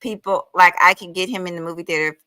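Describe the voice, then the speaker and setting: A woman's voice: fairly low pitch, steady tone, quick pace, bright, forceful tone, clear, resonant tone, no echo, poor audio. A woman in her forties hosting a casual livestream commentary, chatty and calling her viewers honey. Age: 40s.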